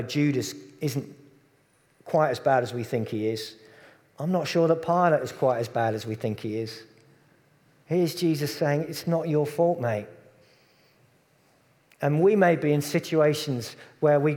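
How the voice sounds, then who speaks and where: Preacher in a reverberant church hall. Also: male voice, a little high. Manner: conversational, drops to soft hushed tones on tender points. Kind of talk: sermon.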